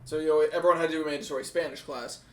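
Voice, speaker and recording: A man's voice: on the high side, steady tone, very fast, fairly bright tone. A young man co-hosting a casual podcast, upbeat and telling stories with frequent laughter. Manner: upbeat, storytelling, laughs often. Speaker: podcast co-host. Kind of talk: casual chat.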